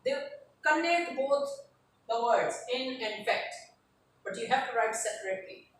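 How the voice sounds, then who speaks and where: Woman writing teacher, high voice, lecture delivery, step-by-step and repetitive, echoey far-off room recording. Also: lively intonation, measured pace, a little hiss or hum. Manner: explains step by step, repeating key terms. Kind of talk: classroom lecture.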